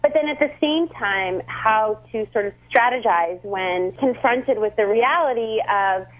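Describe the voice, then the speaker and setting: A woman's voice: a little high, unhurried. Woman dietitian on a tinny phone line. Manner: informative, many ums. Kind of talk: radio phone interview. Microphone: telephone.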